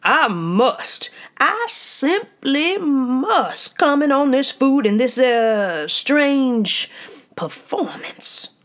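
A woman's voice: high voice, sing-song, extremely slow, fairly bright tone, pitched above the performer's own voice, heavily acted. A woman voicing a pompous, portly male food critic in a storybook read-aloud.

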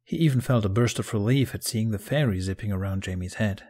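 A man narrating a fan fiction audiobook in a calm, even storytelling manner. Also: lowish voice, quick pace.

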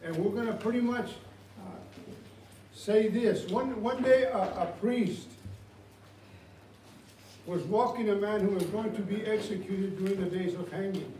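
A pastor delivers his sermon in a high-pitched voice, moving between storytelling and prayer. The sound is roomy and comes from some way off the mic, with faint room noise behind it. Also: a little slow, long pauses. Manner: storytelling preacher, drops to a hush for prayer. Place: church sanctuary. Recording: roomy church sound from far off.

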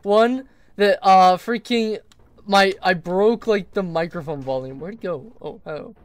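A young man with a high, bright-sounding voice talks excitedly over a game, laughing often. His voice is recorded close and dry with no room sound. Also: unhurried, dry recording. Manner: giggly, excitable, frequent laughter. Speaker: gaming video host. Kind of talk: casual gaming chat.

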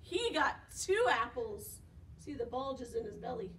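Speaking at a measured pace in a fairly high voice, this young children's librarian runs preschool storytime with action songs and a picture book read aloud. She sounds animated and sing-song, gasping and asking the children questions. The mic is far off and there's a little background noise.

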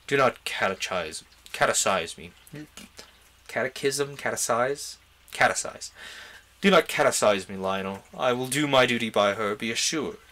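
A man's voice: medium pitch, expressive, moderate pace, bright, forceful tone. A man reading a novel aloud, voicing an ambitious, haughty young nobleman in a grand, declamatory way.

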